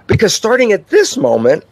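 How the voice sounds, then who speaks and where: A man's voice: high voice, no room sound. Older guy on an interview, talks on and on, acts out both sides of a chat, dry close sound. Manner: animated storytelling, acts out dialogue with himself. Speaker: interview guest. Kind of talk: expansive conversational explanation.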